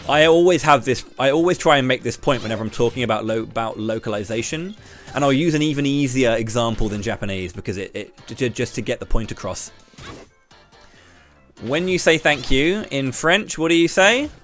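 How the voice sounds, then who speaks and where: A British streamer with a slight lisp talks straight to his chat. He rants and fires off quick questions at viewers, with faint music playing underneath. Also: medium pitch, expressive, fairly bright tone. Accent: British English. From Britain.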